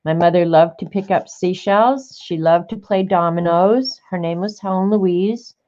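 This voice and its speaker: A woman's voice: fairly low pitch, a little slow. An older woman vlogging in a casual, rambling way while she looks through old art journal pages. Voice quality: chatty, rambling, warm-hearted reminiscing. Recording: slightly dull lo-fi sound.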